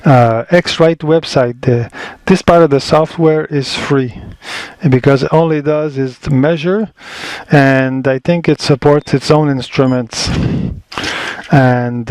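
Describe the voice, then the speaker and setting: A color management instructor walks through a casual screen-recorded tutorial step by step, thinking aloud with frequent restarts and fillers. A camera mic in a small indoor workspace catches his steady, slow, smooth mid-range voice, darkish in tone with no room sound.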